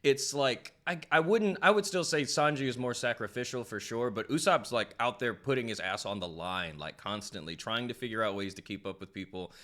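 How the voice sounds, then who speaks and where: A man hosting a casual podcast chat, enthusiastic and halting, with frequent restarts. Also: medium pitch, sharp tone. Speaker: host.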